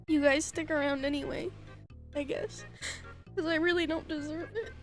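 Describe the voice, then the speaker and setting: Tearful high-voiced young woman streamer. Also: fairly even intonation, faint music behind. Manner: halting, many fillers, swears, teary laughs. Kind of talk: emotional livestream chat.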